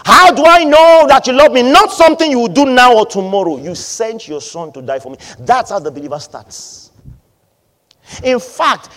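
A man preaching a sermon, asking the congregation questions and answering them, swinging between loud emphatic lines and quieter asides. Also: high-pitched. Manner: call-and-response questions to the congregation.

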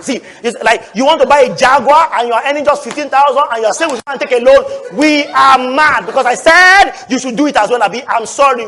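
Pastor guy preaching, pretty high voice, laughs a lot n gets shouty. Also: fast. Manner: animated, laughs often, bursts into shouting. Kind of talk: sermon.

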